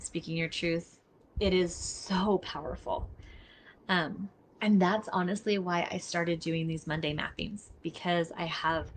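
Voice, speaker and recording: A woman's voice: on the low side, a little hiss or hum. A middle-aged woman giving a casual live teaching talk, earnest and emphatic, speaking straight to her listeners. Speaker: body mapping teacher. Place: outdoors near traffic.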